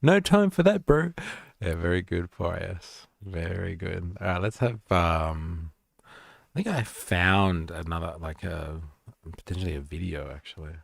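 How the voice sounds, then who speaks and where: Gravelly deep Australian man ranting. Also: steady tone, a little slow, fairly bright tone, no room sound, studio quality. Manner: sarcastic, swears freely, rambling. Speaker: live stream host. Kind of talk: casual live commentary.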